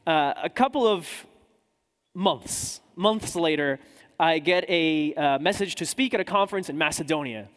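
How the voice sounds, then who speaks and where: High-voiced man telling stories in an echoey hall. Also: a little slow, a bit bright. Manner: chatty, self-mocking storytelling. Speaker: podcaster and journalist. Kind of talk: conference talk anecdote. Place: conference hall.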